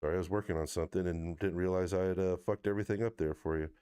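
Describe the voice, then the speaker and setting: A man's voice: low voice, fairly even intonation, very fast, mellow, clean tone. A male podcast host, teasing his guest in a sarcastic, casual way. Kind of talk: casual chat.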